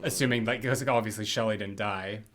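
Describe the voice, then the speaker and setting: A man co-hosting a podcast, chatting casually about a horror movie, relaxed and quoting scenes. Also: on the low side, a little fast. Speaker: podcast co-host. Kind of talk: casual movie critique chat.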